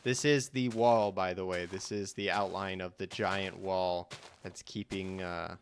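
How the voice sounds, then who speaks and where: A man's voice: deep voice, steady tone, measured pace, a little hiss or hum. A young man casually commenting on his own gameplay during a live stream, thinking aloud and restarting his sentences as he goes. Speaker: let's play host.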